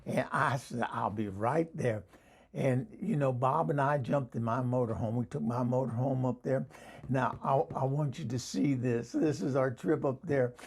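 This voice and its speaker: Man in drag voice as a middle-aged Southern hillbilly woman, husky, overexcited comic vlogger. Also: medium pitch, moderate pace. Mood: chatty. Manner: gushing, rambling, laughs a lot. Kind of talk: comic character vlog.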